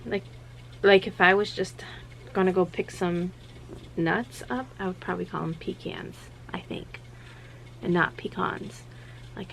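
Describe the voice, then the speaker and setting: Casting: female vlog host, gravelly, rambling casual chat, faint hiss in the background. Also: steady tone, measured pace, long pauses. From South Carolina, US. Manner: chatty and rambling, acts out quotes with a high voice. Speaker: channel host.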